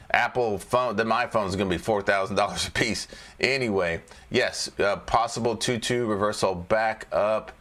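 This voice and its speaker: With a lowish, slightly bright voice, a man who teaches trading casually walks through stock charts on a screen share. He talks a lot, repeats himself, and cracks jokes and laughs to himself as he goes.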